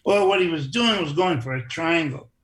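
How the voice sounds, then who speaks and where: A man telling stories in a casual interview, animated and acting out other people's lines. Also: fairly high pitch, normal speed. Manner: animated storyteller who acts out quoted voices. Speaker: interview guest, former wrestler.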